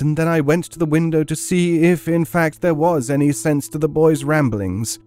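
A male narrator delivers first-person horror narration in a vivid, theatrical manner, his voice at a middle pitch. He builds dread with heated, emphatic phrasing. Soft music sits quietly underneath.

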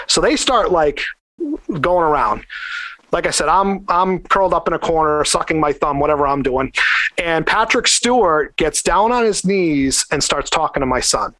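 Middle-aged man, slightly high voice, rambling animated storyteller, dry close recording. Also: normal speed, no room sound. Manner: rambling, animated, lots of "like" fillers. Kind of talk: casual anecdote.

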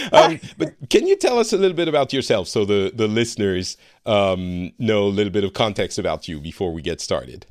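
Chatty French man, low and lively. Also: normal speed, dry recording, clean studio sound. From France. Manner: chatty, laughing, self-deprecating. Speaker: podcast host. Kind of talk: casual chat.

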